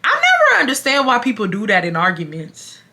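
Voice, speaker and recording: A woman's voice: mid-range voice, fairly quick. A woman, telling a dramatic, profane storytime directly to her viewers. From Houston, Texas. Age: 20s. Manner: animated, dramatic, profane, talks straight to viewers. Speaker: storytime vlogger. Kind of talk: casual storytelling.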